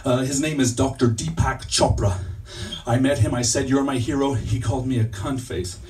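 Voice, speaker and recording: A man's voice: mid-range voice, moderate pace, a little mellow. A man performing stand-up comedy as a fake motivational speaker, mock-earnest and stumbling over his own puns, on a comedy club stage. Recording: distant mic with faint room noise.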